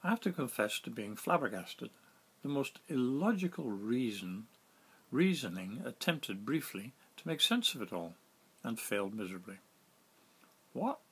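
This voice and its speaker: A man reading his own story aloud in a wry, self-mocking, lively way. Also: medium pitch, normal speed, husky. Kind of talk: storytelling narration.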